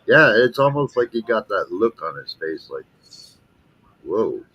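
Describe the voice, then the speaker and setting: A man's voice: on the low side, very animated, normal speed, husky, dull audio. A middle-aged man, chatting casually and saying dude and you know a lot. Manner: laid-back, peppers speech with dude and you know. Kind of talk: casual chat.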